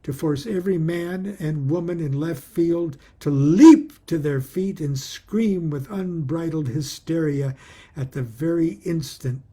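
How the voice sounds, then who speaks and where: Wry male author reading aloud; husky, mellow, slow-paced, chuckles between lines. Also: on the high side. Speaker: author reading his own book. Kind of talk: reading aloud with personal asides.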